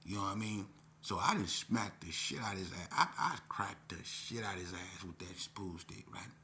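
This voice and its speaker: A man telling a personal story in a casual, animated way, with lots of profanity. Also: low voice, normal speed, a little hiss or hum.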